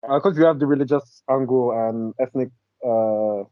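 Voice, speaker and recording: A man on a casual podcast explaining his view calmly and with reasons. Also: medium pitch, moderate pace, no echo. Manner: calm, reasoned, explains with examples. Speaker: podcast co-host. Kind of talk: casual chat. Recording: dull, slightly lo-fi dry sound.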